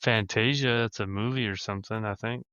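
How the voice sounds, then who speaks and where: A man's voice: lowish voice, steady tone, fairly quick, sharp tone, clean tone, dry recording, dull audio. A man co-hosting a casual podcast, laid-back and blunt, swearing casually. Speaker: podcast co-host.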